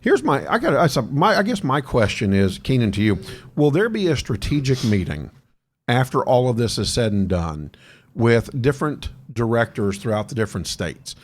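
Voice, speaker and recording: A man co-hosts a casual talk show with a jokey, lively manner. His voice swings freely up and down as he talks. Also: medium pitch, moderate pace. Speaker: co-host.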